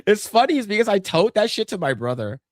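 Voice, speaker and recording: A man co-hosting a podcast in casual chat, swearing often and acting out scenes in squeaky put-on voices. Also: very animated, fast, no echo, clean studio sound. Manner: profane, laughing, acts out scenes in high voices. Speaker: podcast co-host.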